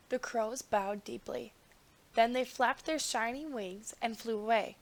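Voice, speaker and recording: A woman narrating a fairy tale in an unhurried, expressive storybook style. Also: on the high side.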